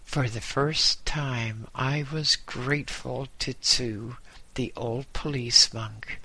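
A man's voice: mid-range voice, steady tone, pushed and bright, slightly rough. A man narrating a story in the first person and voicing its characters' lines. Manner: measured storytelling with voiced dialogue. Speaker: audiobook narrator. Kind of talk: scripted narration.

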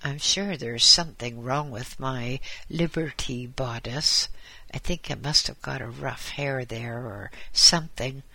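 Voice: mid-range voice, measured pace, creaky, sharp tone, no room sound, heavily acted. A reader voicing a prim, fussy elderly spinster who talks in fluttery exclamations in an audiobook. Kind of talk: audiobook character voice.

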